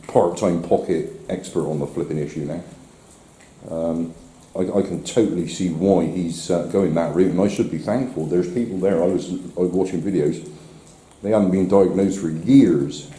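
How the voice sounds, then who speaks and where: A man with a low, dark voice vlogs while walking his dog along a rainy seafront, recorded on a handheld camera in low quality with faint outdoor noise. He's chatty, talks to his dog, and laughs at himself.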